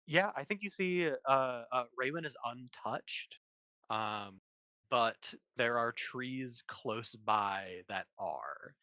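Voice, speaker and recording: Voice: mid-range voice, animated, slow, bright, forceful tone, dry recording. A game master narrating a tabletop session, hesitant with many fillers.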